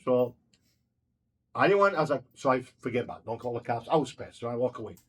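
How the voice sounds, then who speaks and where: A man telling a story in a casual interview, profane and excitable, repeating himself as he goes. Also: mid-range voice, fast, breathy edge. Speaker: restaurant owner telling his story.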